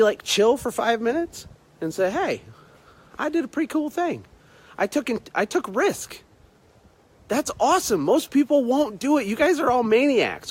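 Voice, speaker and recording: A man talking casually to viewers on a phone livestream from outside his house at night, repeating himself and greeting people by name. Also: fairly high pitch. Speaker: business motivational speaker. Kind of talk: casual Facebook Live talk. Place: outdoors at home at night.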